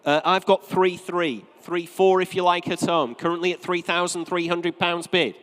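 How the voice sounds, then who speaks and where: A man from North East England with a light regional accent, calling bids at a live auction from the rostrum, with brisk repetitive patter and joking asides. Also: high-pitched, fairly even intonation, fairly bright tone. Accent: North East English. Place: auction sale room, from the rostrum. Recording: long reverb of a large sale room.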